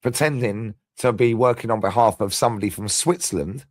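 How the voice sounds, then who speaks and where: A man's voice: fairly low pitch, brisk, darkish tone, no echo. A man in casual stream commentary, blunt, slangy and swearing.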